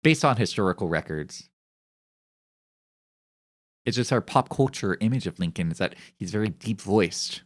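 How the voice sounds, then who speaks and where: Male streamer, young adult, low voice, lively intonation, crude joking banter. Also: normal speed, pauses often. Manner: joking, rambling, profane banter. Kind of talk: casual chat on a live stream.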